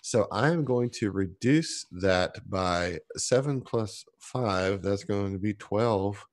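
A man's voice: on the low side, slow. A man playing a tabletop game, explaining his abilities in detail and reacting with amused remarks. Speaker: player.

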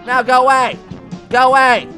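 A man voicing an excitable male cat, commenting on a game, yelping and talking back to the bosses. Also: very high-pitched, normal speed, soft background music. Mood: excited. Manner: yelps and screams, talks to the bosses. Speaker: let's play gamer.

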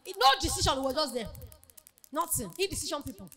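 High bright-voiced woman preaching. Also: big pitch swings, brisk. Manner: emphatic preaching, acts out quoted voices. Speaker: speaker at a women's conference. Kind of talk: motivational sermon.

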